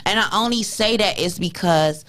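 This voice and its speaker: A woman's voice: mid-range voice, normal speed, a bit bright, slight background noise. A woman co-hosting a talk show who tells stories in a casual way and acts out the voices of the people in them. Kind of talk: casual storytelling chat.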